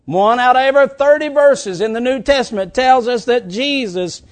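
A man preaching a sermon, reading scripture and speaking directly to his congregation with emphatic, drawn-out phrasing. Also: very high voice.

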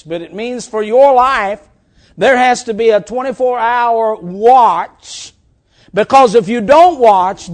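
A man preaching a sermon, reading scripture and speaking directly to his congregation with emphatic, drawn-out phrasing. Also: extremely high pitch.

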